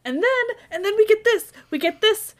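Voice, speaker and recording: A young woman co-hosting a casual book chat, wryly retelling scenes with quick quoted lines. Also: very high voice, expressive, fairly bright tone. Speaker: podcast co-host.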